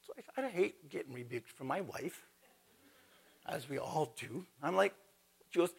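Gravelly, husky man preaching animatedly. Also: mid-range voice, brisk. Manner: conversational, animated preaching with scripture quotes. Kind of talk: sermon.

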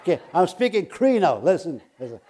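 A man delivers a sermon, reading scripture and then explaining it in a casual, animated way. His voice sits fairly high but sounds soft and mellow. He punctuates points with loud bursts and quick checks with his listeners. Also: slightly rough. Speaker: preacher.

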